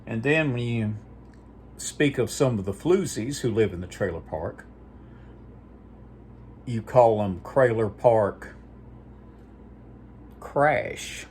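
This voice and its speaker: A man's voice: fairly low pitch, unhurried, long pauses, a little mellow, slight background noise. A man hosting his own video channel, rambling in a folksy, profane casual monologue before a sign-off. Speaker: vlog host.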